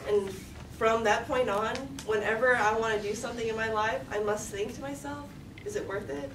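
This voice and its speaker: A woman's voice: on the high side, steady tone, moderate pace. A young woman telling a personal story at a live story slam, chatty and full of "like", acting out the quotes. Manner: chatty, lots of "like", acts out quotes. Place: event hall. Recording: roomy, from a distance, noisy.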